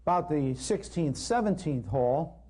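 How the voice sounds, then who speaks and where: A man's voice: a little high, animated, moderate pace, warm tone. A man giving a natural healing talk to a live audience, telling humorous, self-deprecating stories.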